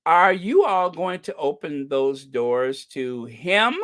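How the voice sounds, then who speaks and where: A man hosting a casual livestream, chatting about news in a sarcastic, gossipy, animated way and laughing often. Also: fairly high pitch, slow. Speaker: livestream host.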